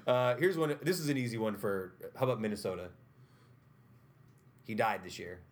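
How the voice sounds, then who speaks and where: A young man hosts a relaxed podcast chat, his voice rising and falling in lively swings as he quizzes his guests. He laughs easily and keeps things moving. A faint hiss sits under the recording. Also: on the low side, normal speed. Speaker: podcast host. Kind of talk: casual chat.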